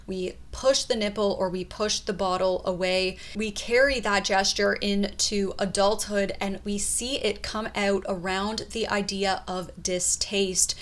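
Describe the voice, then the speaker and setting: A woman explaining body language in a video commentary, calm and explanatory. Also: mid-range voice, measured pace, hardly any pauses.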